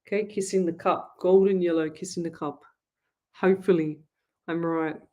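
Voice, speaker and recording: A woman's voice: fairly low pitch, steady tone, normal speed, darkish tone, lo-fi sound. A middle-aged woman, a psychic medium hosting a live show and chatting through viewer comments in an upbeat way. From Australia. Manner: chatty, upbeat, thinks aloud. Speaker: psychic medium radio host.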